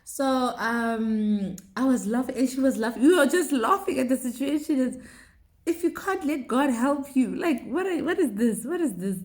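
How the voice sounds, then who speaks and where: A young woman telling a personal faith testimony in a casual, animated way, often laughing. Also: high-pitched, normal speed. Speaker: vlogger sharing a testimony.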